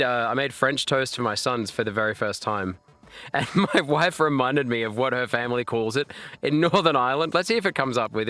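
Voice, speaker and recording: A man in his thirties talking on a live stream with a lively, swooping delivery and a bright, forceful edge to his voice. He reacts loudly to chat and laughs often while he battles hiccups, and faint music plays behind him. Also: mid-range voice, no echo. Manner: animated, laughing, reacting to chat with loud exclamations.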